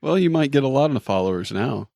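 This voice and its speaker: A man's voice: medium pitch, animated, fast talker, creaky, mellow, dry recording, studio quality. Teasing man hosting a podcast. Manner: joking, teasing. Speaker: podcast host and mock judge. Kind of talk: casual podcast chat.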